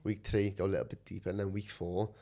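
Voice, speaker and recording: A man's voice: sits low, little pitch movement, fast talker, warm tone. A man talking as a guest on a podcast about his coaching work, rambling loosely with plenty of fillers and swearing. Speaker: guest, mind and body coach. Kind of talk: casual podcast chat.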